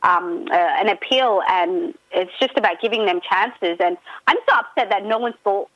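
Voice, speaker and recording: A woman guest in a casual radio chat, telling stories with lots of fillers and excited jumps in pitch. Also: normal speed, no echo, muffled recording. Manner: animated storyteller, many fillers, pitch jumps when excited. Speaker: pop culture guest.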